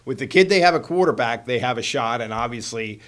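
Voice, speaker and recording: A man of middle pitch chatting about a football game as a co-host. He talks haltingly and restarts his sentences a lot. His voice often drops quiet at the ends of his thoughts. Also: lively intonation. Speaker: sportswriter co-host. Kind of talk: casual sports chat.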